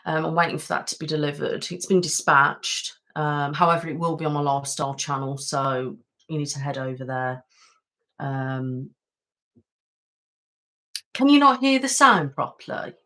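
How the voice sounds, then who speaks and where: A woman's voice: low voice, flat delivery, normal speed, fairly bright tone. A woman from the West Midlands of England with a West Midlands accent, chatting casually and self-deprecatingly on a live stream, with many ums. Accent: West Midlands English. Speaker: ASMR channel host. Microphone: webcam setup at home.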